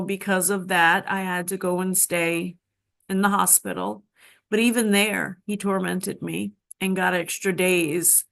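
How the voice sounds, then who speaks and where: A woman guest telling a deeply personal story with emotion, acting out the voices of people in it. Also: gravelly, a bit bright. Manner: emotional, dramatic retelling with voiced quotes.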